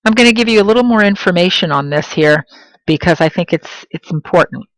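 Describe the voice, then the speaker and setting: A woman teaching a Spanish lesson in English, slowing down to pronounce example words with clear stress. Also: on the low side, animated, dry recording, poor audio. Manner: slow, emphatic pronunciation of example words. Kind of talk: classroom lesson.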